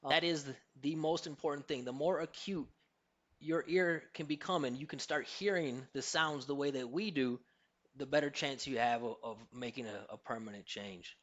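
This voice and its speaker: A man's voice: medium pitch, moderate pace, fairly bright tone, lo-fi sound. A man with an American accent, an accent coach answering interview questions in an emphatic, teacherly way and demonstrating pronunciations.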